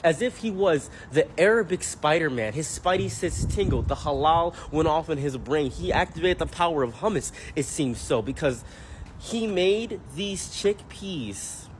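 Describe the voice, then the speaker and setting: A commentary YouTuber telling a comic story, animated and joking, acting out every character he mentions. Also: a little high, a little slow, slight background noise. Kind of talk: comedic storytelling.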